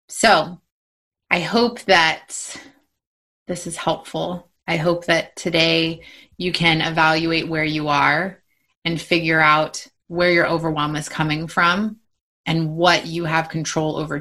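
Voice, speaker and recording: Woman, 30s, podcast host, encouraging, low pitch, bright tone. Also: little pitch movement, unhurried. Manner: warm, reassuring, encouraging. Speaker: podcast host and mom coach. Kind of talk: motivational podcast monologue.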